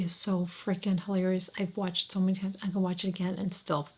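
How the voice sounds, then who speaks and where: A middle-aged woman talks to her viewers in a loose, chatty way, blunt and unfiltered. Her voice sits at an ordinary middle pitch, and she often drops into a soft, breathy near whisper. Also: flat delivery, fairly quick, few pauses, slight background noise. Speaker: beauty vlogger. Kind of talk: casual chat to camera.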